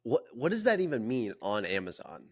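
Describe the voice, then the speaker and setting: A man co-hosting a casual podcast, giving his opinions and clearing his throat now and then. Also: mid-range voice, wildly swooping pitch, brisk, no room sound, studio quality. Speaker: podcast co-host.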